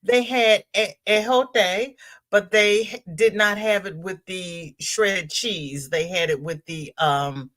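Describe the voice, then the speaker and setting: Speaking slowly in a mid-range, somewhat bright voice, a middle-aged woman runs a live stream. Her talk is casual and meandering, broken up by greetings to individual viewers by name.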